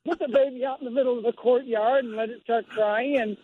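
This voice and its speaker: A man's voice: extremely high pitch, fairly even intonation, quick pace. A man calling in to a radio show as a guest actor, talking in a brash, jokey, argumentative way. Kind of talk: casual phone interview. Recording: tinny phone line, faint noise.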